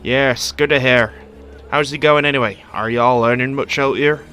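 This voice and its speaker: A man's voice: mid-range voice, fast, pushed and bright, soft background music, close to an everyday voice. A man voicing a chatty middle-aged market merchant and father, in a folksy put-on Scottish-style lilt. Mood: friendly.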